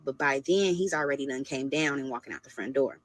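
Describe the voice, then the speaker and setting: A woman casually telling a dating story in an animated, conversational way. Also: a bass voice, a little fast.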